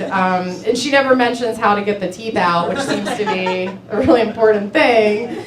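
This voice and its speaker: A woman's voice: mid-range voice, moderate pace, hardly any pauses. A young woman doing a stand-up comedy set, chatty and self-mocking, filling her talk with "like" and laughing at her own jokes. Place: small club stage with audience. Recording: echoey club with crowd noise. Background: audience laughter and chatter.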